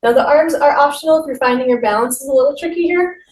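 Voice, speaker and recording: A woman's voice: sits high, fast, a little mellow. A woman leading a guided exercise class, giving upbeat, encouraging cues while she moves along. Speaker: fitness instructor. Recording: roomy, distant mic with faint noise.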